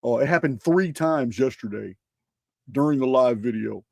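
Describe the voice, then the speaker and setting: A man hosting a casual livestream chat, talking excitedly and often stumbling and repeating his words. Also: mid-range voice, normal speed, vocal fry, dry recording. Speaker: livestream host.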